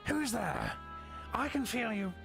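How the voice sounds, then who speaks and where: A man voicing a hushed, older male nature documentary narrator with breathy, awed narration. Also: very high-pitched, sing-song, slow pace, over loud music, pitched above the performer's own voice, heavily acted.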